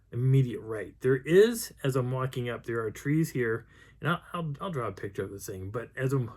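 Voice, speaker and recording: A man's voice: mid-range voice, a little mellow. A man telling a rambling story about a mountain hike, with many restarts, stopping to act out the voices of people he met. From Colorado high country. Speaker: Bigfoot researcher telling a field story. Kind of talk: casual storytelling.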